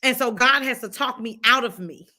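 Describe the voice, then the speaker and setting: A woman's voice: a little high, moderate pace, background noise. A woman hosting a devotional livestream. She greets viewers by name, repeats her phrases and preaches with fervor. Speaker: host of a faith livestream.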